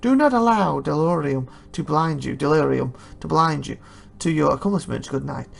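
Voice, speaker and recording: A man's voice: on the high side, moderate pace, vocal fry. A man voicing a grand, proud elderly knight in a game, declaiming in flowery lines. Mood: solemn.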